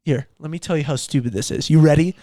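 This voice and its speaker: A young man with a fairly high voice, hosting a podcast and ranting in excitable bursts. He repeats phrases and circles back to the same point. The sound is close and dry, with no room in it. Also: quick pace, dry recording. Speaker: podcast host. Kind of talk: casual podcast rant.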